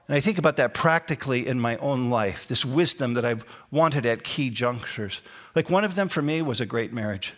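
A man's voice: mid-range voice, a bit bright. A pastor in his sixties preaching a sermon, emphatic, repeating key phrases with a rising inflection. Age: 60s.

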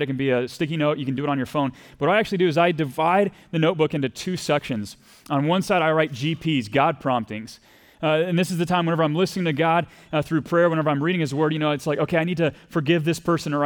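A man with a Texas accent preaching a sermon in a conversational way, acting out quoted voices and asking the congregation questions. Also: on the high side. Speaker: pastor.

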